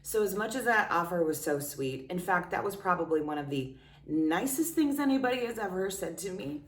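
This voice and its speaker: Woman vlogger, low-ish voice, frank and joking, roomy room, set back from the mic. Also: animated, a little fast. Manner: candid, chatty, self-mocking. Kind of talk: casual confessional storytelling. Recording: roomy sound, distant from mic.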